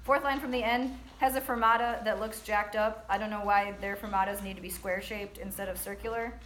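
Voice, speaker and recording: A woman's voice: medium pitch, steady tone, brisk, fairly bright tone, echoey room, a little hiss or hum. A woman teaching a percussion lesson, counting and singing rhythms aloud in an upbeat, breezy way.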